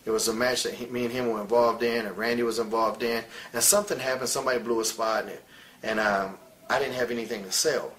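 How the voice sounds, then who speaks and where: A man's voice: medium pitch, fairly even intonation, fast talker, a bit bright. Blunt, profane man telling heated stories. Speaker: retired pro wrestler as interview guest. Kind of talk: candid shoot interview.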